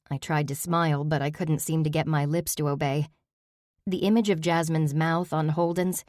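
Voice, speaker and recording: Audiobook narrator, woman, low-pitched, steady first-person reading. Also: no echo, studio quality.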